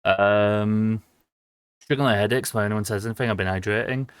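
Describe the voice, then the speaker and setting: A young man talks to his stream chat in a low, relaxed voice, rambling with plenty of ums and quick laughs. The sound is dry and close, with no room echo around him. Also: smooth. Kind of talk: casual livestream chat with viewers.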